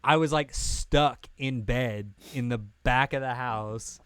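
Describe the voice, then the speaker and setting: A man co-hosting a podcast in casual chat, animated, laughing often and talking with lots of filler words into a podcast mic. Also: mid-range voice, slow, clear, resonant tone, no echo. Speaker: podcast co-host. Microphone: podcast mic with pop filter.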